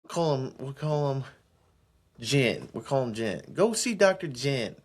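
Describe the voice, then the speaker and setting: A young man in a casual podcast chat, telling excitable stories, laughing and saying bro and dude. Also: medium pitch, a little slow, slightly rough.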